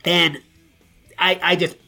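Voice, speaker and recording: A middle-aged man, a musician guest, telling stories in a casual, profane, animated way and acting out quoted dialogue. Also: sits high, takes it slowly, vocal fry, soft background music. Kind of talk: casual storytelling interview.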